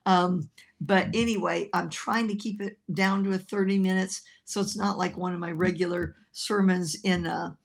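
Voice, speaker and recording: A woman evangelist preaching a broadcast sermon, telling a story with animated quoted voices. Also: fairly low pitch, normal speed, creaky. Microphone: filmed by an assistant.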